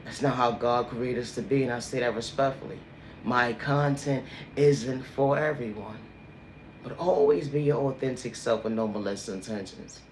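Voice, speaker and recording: A man speaks straight to his livestream viewers in a preachy motivational monologue. He leans on the same emphatic refrains again and again, like a sermon. His pitch sits in an ordinary middle range, and a faint hiss of background noise runs under the voice. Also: moderate pace, echoey room. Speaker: livestream host.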